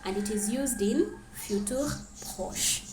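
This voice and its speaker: A woman's voice: medium pitch, slow pace, noisy background. Woman teaching French in an echoey room. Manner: clear, careful, reads French examples then translates. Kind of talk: explaining grammar lesson.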